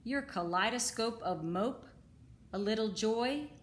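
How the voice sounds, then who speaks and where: A woman's voice: a little high, animated, unhurried, reverberant. A woman voicing a squirmy, slightly rude female squid who talks in a cheeky way.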